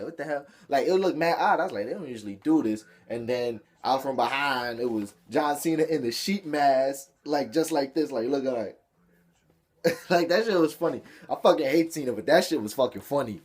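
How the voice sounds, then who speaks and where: A young man reviewing a wrestling show in a casual, excitable, profane rant that rambles. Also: medium pitch, moderate pace.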